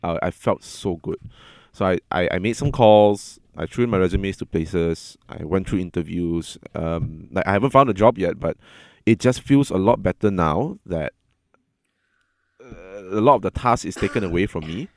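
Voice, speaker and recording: Low-voiced man, candid and halting. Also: lively intonation, dry recording. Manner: earnest, halting, repeats words when upset. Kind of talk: casual candid chat.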